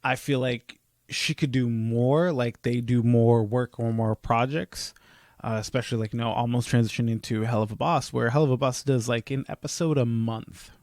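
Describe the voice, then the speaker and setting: Rambling young man, animated and dry. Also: medium pitch, normal speed, dry recording. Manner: rambling, animated, rants with quoted asides. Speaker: podcast co-host. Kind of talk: casual chat.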